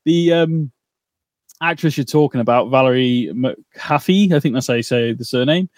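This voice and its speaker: A man's voice: medium pitch, normal speed, dry recording, studio quality. A man co-hosting a podcast in casual chat, rambling and bantering with mock outrage. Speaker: podcast co-host.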